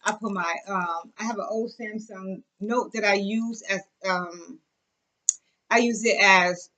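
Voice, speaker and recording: A woman's voice: medium pitch, fairly even intonation, measured pace, pushed and bright, muffled recording. A young adult woman talking casually on camera, chatty and effusive, with lots of fillers and asides as she shows off a bag. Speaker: vlogger. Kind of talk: casual show-and-tell chat.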